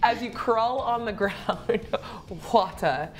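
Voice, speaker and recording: A woman's voice: on the high side, slow pace, a little hiss or hum. Chatty woman running a tabletop game. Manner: loose, chatty, with frequent fillers. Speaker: game master.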